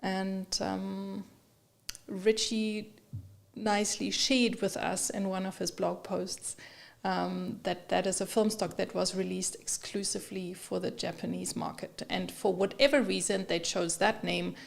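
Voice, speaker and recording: A woman co-hosting a photography live stream, chatting casually with viewers and her co-host, with many fillers and pauses. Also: medium pitch, level tone, vocal fry.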